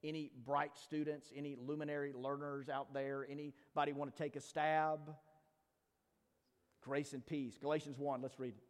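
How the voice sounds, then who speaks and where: Pastor, male, higher-pitched voice; brisk scripture reading, then slow, questioning sermon delivery; long hall reverb. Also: flat delivery. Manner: reads scripture briskly, then preaches slowly with rhetorical questions; playful asides to the congregation.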